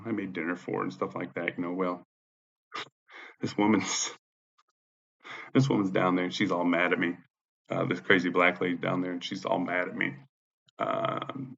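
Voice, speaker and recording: A man's voice: deep voice, gravelly, fairly bright tone. A man telling a story about a confrontation with a neighbor, in a heated, profane, casual rant. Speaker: veteran telling his story. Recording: lo-fi dull sound.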